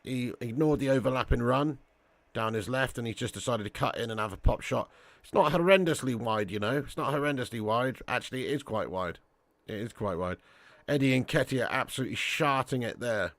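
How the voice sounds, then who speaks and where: A man hosting a live football watch-along, giving commentary and reading out chat in an excitable, slangy way with indignant outbursts. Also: medium pitch, a little fast, creaky, no room sound. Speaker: match watch-along host.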